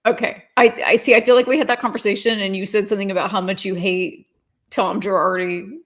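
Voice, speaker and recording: Female co-host, chatty, laughs easily, mid-pitched voice. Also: flat delivery, brisk. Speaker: podcast co-host. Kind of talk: casual political chat.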